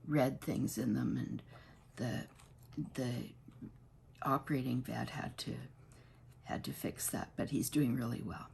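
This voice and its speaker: A woman with a low, gravelly voice talks through a crafting tutorial at home. Her chat rambles and often stops and restarts mid-sentence. There is a faint hiss of noise behind her. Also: a little slow, darkish tone.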